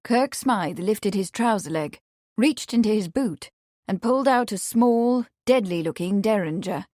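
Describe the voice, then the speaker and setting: A woman reading a mystery audiobook in scripted narration with a steady, even delivery. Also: medium pitch, unhurried, no echo, clean studio sound.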